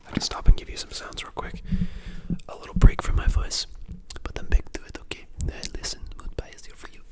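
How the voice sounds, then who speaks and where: A person in their twenties whispering a casual ASMR ramble at home, chatty and full of fillers. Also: a little fast. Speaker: ASMR creator and dental student.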